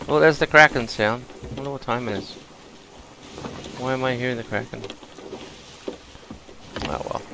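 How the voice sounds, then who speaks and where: A man's voice: mid-range voice, moderate pace, gravelly, long pauses, pushed and bright, a little hiss or hum, poor audio. A British man giving chatty gameplay commentary, explaining game mechanics as he plays. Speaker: gameplay streamer.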